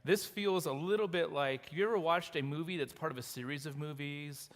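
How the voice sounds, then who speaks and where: A fairly high-voiced man preaches to his church, telling the story with animated energy and little acted lines. His voice rings out with a long hall reverb around it. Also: brisk. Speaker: pastor. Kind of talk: sermon. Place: church sanctuary.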